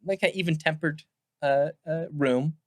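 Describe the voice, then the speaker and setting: A man serves as game master for a tabletop game, narrating haltingly with lots of fillers and restarts. His voice sits a little high, and there's no room sound.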